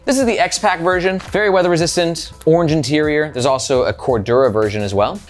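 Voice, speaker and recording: Upbeat young male review host, quick and animated, slangy delivery. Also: fairly high pitch. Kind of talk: casual product review.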